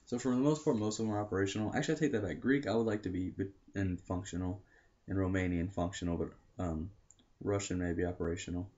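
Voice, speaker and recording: Low-voiced rambling American man. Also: fast talker, darkish tone, muffled recording. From United States. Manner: rambling, self-correcting, many fillers. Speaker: language learning vlogger. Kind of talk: casual talk to camera.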